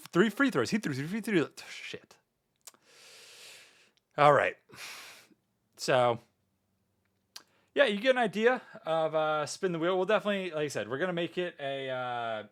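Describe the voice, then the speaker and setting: A man's voice: fairly high pitch, expressive, measured pace, long pauses, a bit bright. A man chatting casually on a livestream as a VTuber, playful and mock-grandiose, swearing often. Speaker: VTuber streamer.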